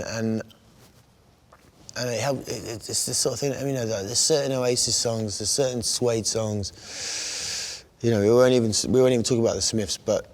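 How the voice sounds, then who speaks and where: A man, a guest songwriter talking in a casual interview, meandering and halting as he thinks aloud. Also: medium pitch.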